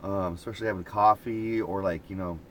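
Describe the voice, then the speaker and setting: A man with a fairly low voice talks in a loose, rambling, reflective way, as if chatting to his viewers. He speaks from inside a moving camper van, with a faint engine rumble underneath him. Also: fairly even intonation, brisk. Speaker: vlogger. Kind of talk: casual reflective chat.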